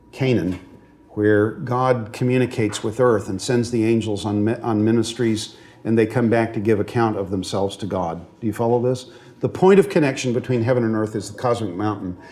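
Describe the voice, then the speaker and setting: A seminary professor lectures his class in a lowish, slightly mellow voice. He is earnest and becomes emotional at moving points, often checking that his students follow, with frequent fillers and restarts.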